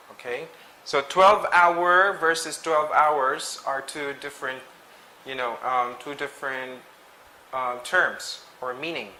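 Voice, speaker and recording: A man's voice: on the high side, sharp tone, slight background noise, poor audio. A man teaching a grammar lesson, explaining patiently, often checking in with "okay?" and correcting himself mid-phrase. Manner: explains slowly, checks with frequent "okay?", restarts and self-corrects. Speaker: English teacher.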